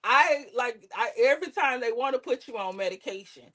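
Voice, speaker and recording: Lively woman comic telling stories. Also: a little high, a little fast. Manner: lively, swears, acts out relatives' voices. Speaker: comedian guest. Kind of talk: candid storytelling in casual interview.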